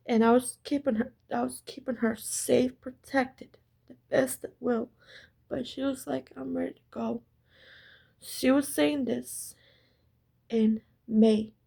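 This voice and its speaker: Husky, gravelly woman telling an intense story. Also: fairly high pitch, fairly even intonation, slow, long pauses, dark tone. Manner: intense, repetitive and emphatic, with swearing. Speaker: spiritual storyteller. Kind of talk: casual story time monologue.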